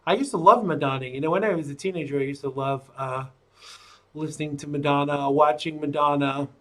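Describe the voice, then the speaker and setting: A man streaming live rambles chattily to himself as he prepares to go on air. His voice sits fairly high, a touch bright, and he talks a little fast.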